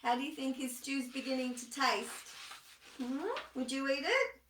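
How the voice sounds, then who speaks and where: Storyteller woman, slow and bright, expressive, echoey room. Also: high voice, far from the mic, a little hiss or hum. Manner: expressive, asks the listener questions. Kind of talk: children's story reading.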